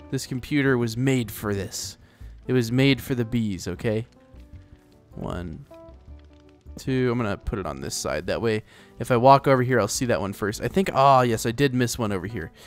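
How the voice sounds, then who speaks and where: A man hosting a let's play, chatting casually and rambling as he plays, often talking to the animals in the game. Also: medium pitch. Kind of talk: casual gameplay commentary.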